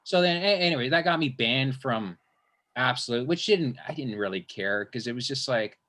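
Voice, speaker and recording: A man's voice: mid-range voice, lively intonation, moderate pace, sharp tone. A man hosting an interview, telling a long casual story as a stand-up comedian, rambling with many restarts and swearing freely.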